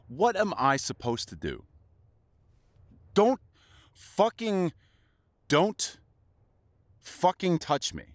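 A man's voice: fairly high pitch, a bit bright, no room sound. A man playing a jealous, bitter secret lover. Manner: swearing, halting, repeats words. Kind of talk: audio role-play addressed to a silent listener.

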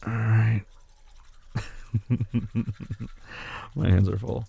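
Boyfriend role-play: man voicing a gentle young boyfriend, low-pitched, unhurried and reassuring, lightly teasing. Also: steady tone, creaky, breathy edge, phone-quality sound, heavily acted. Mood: tender. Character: caring young boyfriend putting his sleepy partner to bed.

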